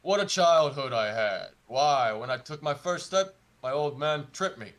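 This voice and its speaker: A man doing an impression of a gruff, self-pitying old-school male comedian, firing off self-deprecating one-liners on a comedy podcast. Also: fairly high pitch, expressive, a little slow, fairly bright tone. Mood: aggrieved.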